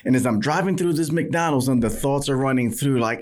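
A man from New City, a podcast guest telling personal stories in a lively, laughing way. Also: mid-range voice, fairly quick, hardly any pauses. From New York City. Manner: animated, laughing storyteller who acts out scenes. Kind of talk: storytelling in a faith podcast interview.

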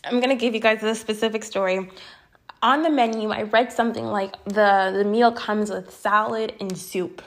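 A woman's voice: medium pitch, fairly even intonation, moderate pace. A woman in her twenties telling a personal story to her viewers, venting with frequent swearing and filler words. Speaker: storytime vlogger.

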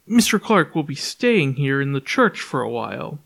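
A man voicing a cautious middle-aged priest who speaks slowly and carefully. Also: medium pitch, sing-song, creaky, a bit bright.

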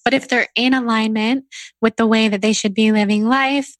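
A woman hosting a podcast in casual interview chat, effusive and quick to gush praise. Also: on the high side, fairly even intonation, dry recording. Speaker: podcast host.

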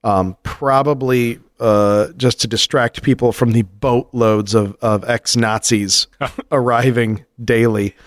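A male podcast co-host who jokes and riffs, his voice at an everyday middle pitch. He sounds close and dry, with no room echo. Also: fairly even intonation. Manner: joking, riffs quickly with laughs. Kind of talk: casual podcast chat.

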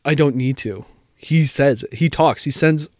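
A man's voice: on the high side, moderate pace, dry recording, studio quality. A man co-hosting a casual podcast, reading dating-app messages aloud with amused commentary. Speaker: podcast co-host.

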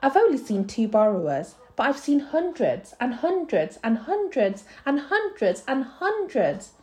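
A woman's voice: sits high, sing-song, measured pace, darkish tone. A woman voicing a tall, boastful boy in a storybook read-aloud, speaking in an emphatic, insistent way.

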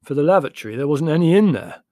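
A man reading aloud voices a stocky, quietly belligerent young man in a storybook, matter-of-fact in tone. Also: fairly high pitch, lively intonation, fast, dry recording, clean studio sound, pitched above the performer's own voice, close to an everyday voice.

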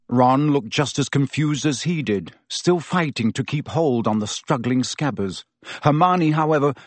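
A man narrating an audiobook in a measured, dramatic reading. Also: mid-range voice, no echo.

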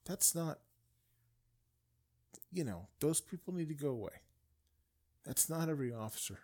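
A man's voice: on the high side, lively intonation, normal speed. Ranting man, indignant. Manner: indignant, swings from shouting to muttering. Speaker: political commentator. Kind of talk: ranting monologue.

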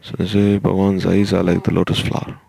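A man recounts a devotional tale in a slow, halting manner, often restarting his sentences. His voice sits low with a gravelly edge, and he talks with little rise and fall. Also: completely flat delivery, background noise. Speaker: storyteller. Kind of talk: devotional story talk.

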